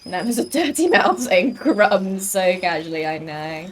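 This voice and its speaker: A woman's voice: medium pitch, sing-song, moderate pace, slight background noise. A young British woman streaming a game, chatting casually and rambling with lots of fillers. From United Kingdom. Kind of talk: casual gaming chat.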